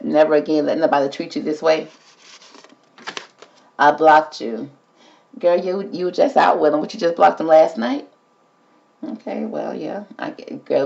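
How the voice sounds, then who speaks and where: A woman's voice: low voice, vocal fry, darkish tone, lo-fi sound. A woman hosting a casual tarot reading, talking to the cards and calling everyone "girl". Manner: chatty, talks to the cards and calls everyone girl. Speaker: tarot reader host.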